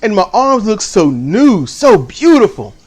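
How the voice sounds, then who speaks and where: Animated high-voiced man telling a story. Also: unhurried, faint music behind. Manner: animated, swearing, acts out voices. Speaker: channel host. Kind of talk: casual storytelling. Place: home.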